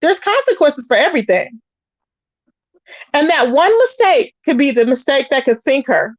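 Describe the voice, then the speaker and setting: Chatty high-voiced woman gossiping. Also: normal speed, dry recording, muffled recording. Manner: animated, chatty, reacts to live chat. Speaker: commentary channel host. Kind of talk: casual gossip commentary.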